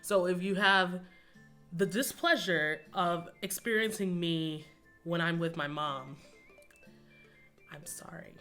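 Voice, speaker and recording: Bright-voiced young woman. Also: fairly low pitch, takes it slowly, long pauses, faint music behind. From Texas, US. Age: 20s. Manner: rambling and chatty, laughs often, says "y'all". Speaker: YouTuber. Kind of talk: casual vlog chat.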